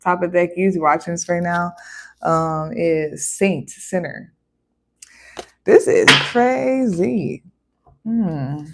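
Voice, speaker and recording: A woman giving a casual tarot card reading, chatty and animated, breaking into exclamations and playful voices. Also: lowish voice, takes it slowly, pauses often, slight background noise.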